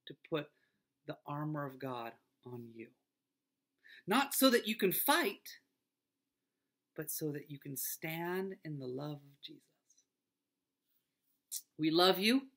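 Gentle, earnest man giving a children's devotion. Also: a little high, animated, slow, long pauses. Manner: gentle, earnest, often dropping to a soft near-whisper. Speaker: school pastor.

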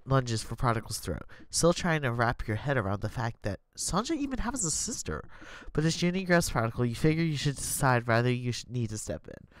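A streamer reading out a story game's narration, slowing down for suspense. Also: mid-range voice, no room sound, studio quality. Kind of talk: dramatic story-game narration.

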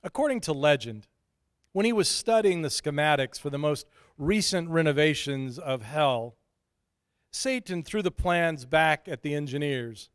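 Wry self-mocking preacher guy from idaho, telling a story, voice on the higher side. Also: animated, a little slow, clean tone. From Idaho, USA. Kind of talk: storytelling sermon.

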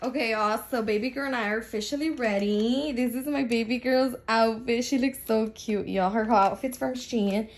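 A young mother talks to her camera in a casual vlog, gushing and emotional as she goes. Her voice carries a gravelly fry. She sits a little back from the microphone. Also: fairly high pitch, fairly even intonation, normal speed, few pauses, far from the mic. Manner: emotional, gushing, says "y'all" and "like" often. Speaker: mom vlogger.

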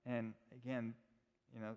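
A man's voice: medium pitch, little pitch movement, a little slow, lo-fi sound. A middle-aged man teaching a church class in a conversational way, telling personal stories and quizzing his listeners. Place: church hall. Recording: long hall reverb.

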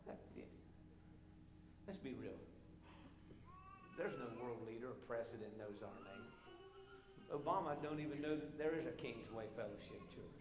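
A man preaching a sermon as pastor, swinging between emphatic shouting and hushed intimate tones, full of repeated rhetorical questions. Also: mid-range voice, moderate pace, long pauses. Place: church sanctuary. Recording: echoey hall with long reverb.

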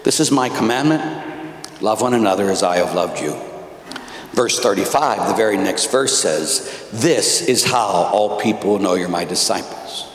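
A man, a priest, giving a fiery talk to a men's conference, dropping quiet and then building to loud exhortations. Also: on the low side, expressive, moderate pace. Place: large church. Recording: echoey church hall.

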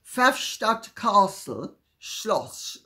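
A woman's voice: medium pitch, sing-song, very slow, pushed and bright. A woman hosting her own channel, telling a gossipy story in a chatty, candid way with frank asides. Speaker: channel host.

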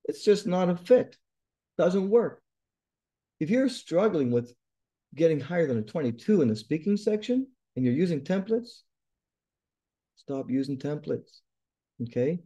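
A middle-aged tutor speaks straight to his viewers, blunt and emphatic, hammering home each point. His voice sits a little high yet sounds warm and mellow. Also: big pitch swings, unhurried, pauses often. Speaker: TOEFL tutor. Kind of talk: direct advice lesson to viewers.

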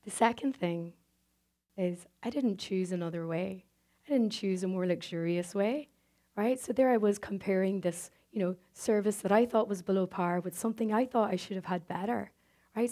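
A woman's voice: medium pitch, warm tone. An Irish woman giving a motivational stage talk, telling a personal story and acting out the dialogue, with frequent tag questions to the audience. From Ireland. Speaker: speaker.

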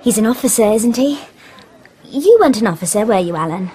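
A woman's voice: a little high, lively intonation, a little fast, dark tone, a little hiss or hum, natural voice. A woman playing a flighty, chattering girl. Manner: gushing, scatterbrained, stammering. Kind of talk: radio play acting.

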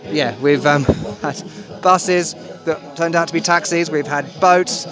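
A man takes it slowly as he narrates a casual travel vlog on a handheld phone, chatty and upbeat with many ums and laughs, his voice a little high. He moves from outdoors into a restaurant while music plays in the background.

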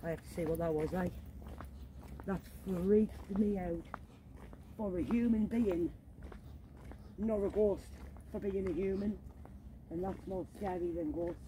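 A woman ghost hunting outdoors in a cemetery at night, talking into a handheld camera in an excitable, frightened way and swearing often. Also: on the low side, a little slow, long pauses, slight background noise, low-quality recording. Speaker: paranormal vlogger. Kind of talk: live ghost-hunting commentary.

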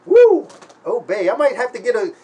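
A vlogger from Baltimore, Maryland, opens a gift package in a casual unboxing video, sounding excited and grateful. His voice is high with a breathy edge, and he speaks at a normal speed. He keeps saying "man" and "guys" and at one point breaks into a heartfelt spoken prayer.

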